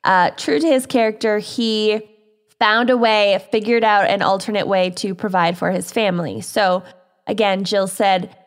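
A woman's voice: medium pitch, fairly even intonation, moderate pace. A woman podcast co-host in casual storytelling mode, talking through a true-crime case with giggles and read-out quotes. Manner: chatty, giggly, reads out quotes.

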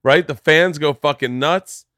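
A man hosting a podcast, telling stories in a casual, animated way, swearing freely and breaking into impressions. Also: a little slow, no room sound, clean studio sound. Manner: animated storyteller, swears freely, jumps into high-pitched impressions. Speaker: podcast host. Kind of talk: casual chat.

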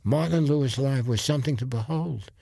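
A man's voice: mid-range voice, fairly quick, creaky, mellow, husky, no echo. An older man recalls old comedy acts with strong opinions and enthusiasm. His voice sits in a middle range. It is recorded close and dry. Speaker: guest. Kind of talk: casual chat.

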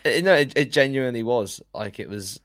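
A man's voice: medium pitch, lively intonation, a little fast, a bit bright, no room sound, clean studio sound. A man co-hosting a podcast, talking through his opinions in a casual chat. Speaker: podcast co-host.

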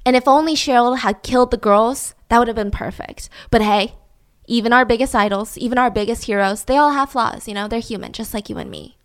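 A woman's voice: fairly high pitch, fairly quick. A woman hosting a true crime podcast, telling the story in a chatty, heavily sarcastic, mock-admiring way and speaking straight to her listeners. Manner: chatty, addresses listeners directly. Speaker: podcast host.

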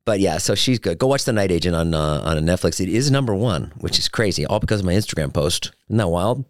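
Male podcast host, low and dry, chatty rambling storyteller. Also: animated, fast, no echo. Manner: rambling, joking anecdotes with many fillers. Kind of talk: solo podcast chat.

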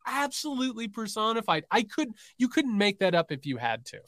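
A man's voice: sits high, sing-song, brisk, a bit bright, dry recording, studio quality. A man co-hosting a political podcast, reading quotes aloud with sarcastic, mocking emphasis. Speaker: podcast co-host.

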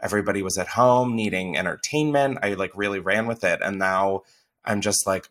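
A man's voice: low voice, normal speed, fairly bright tone. A young man hosting a podcast, chatting candidly with lots of swearing and laughter. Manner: candid, profane, laughs often. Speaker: podcast host. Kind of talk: casual chat.

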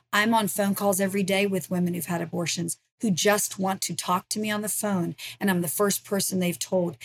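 A middle-aged woman, a ministry founder, telling her personal faith story as a guest in a podcast interview, earnest and emotional. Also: medium pitch.

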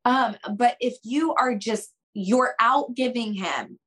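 Woman on a podcast giving dating advice, super emphatic, talks right to "you guys", acts out little convos with her voice jumping way up. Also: poor audio. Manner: animated, acts out dialogue with big pitch jumps; shifts between quick bursts and slow, drawn-out emphasis. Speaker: podcast guest, dating coach.

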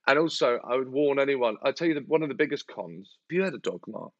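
A man telling comic stories on a podcast, animated and exasperated. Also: medium pitch, quick pace, dry recording, lo-fi sound. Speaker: comedian guest.

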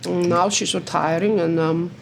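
A woman's voice: lowish voice, a little slow, creaky, noisy background. A woman guest talking animatedly over lunch in a restaurant, telling stories and slipping into impressions. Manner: lively storyteller who slips into impressions. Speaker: interview guest.

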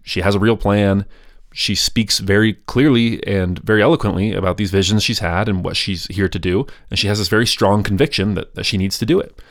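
A man's voice: fairly low pitch, a little fast, no echo. Chatty male history podcaster, dry sound. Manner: chatty, jokey asides, restarts. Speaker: podcast host. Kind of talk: casual history storytelling.

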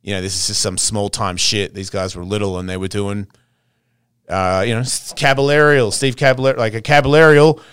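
Australian man, podcast guest, blunt and profane, smooth resonant voice, dry close sound. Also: fairly low pitch, steady tone, fairly quick, a bit bright, no echo. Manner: blunt, swears freely, laughs often. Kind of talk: casual interview chat.

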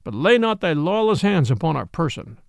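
A man's voice: on the high side, big pitch swings, brisk, creaky, dry recording, clean studio sound. A man voicing a proud king in disguise who speaks sternly in formal, old-fashioned language.

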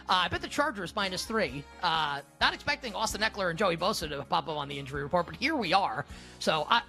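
A man co-hosting a sports betting podcast, talking casually and excitably, with many fillers and restarts. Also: sits high. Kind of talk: casual chat.

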